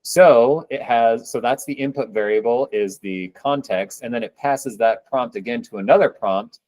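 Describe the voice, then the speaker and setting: A man's voice: mid-range voice, normal speed, a little mellow, no room sound, low-quality recording. A man presenting a live coding demo at a meetup, talking casually with upbeat, joking asides.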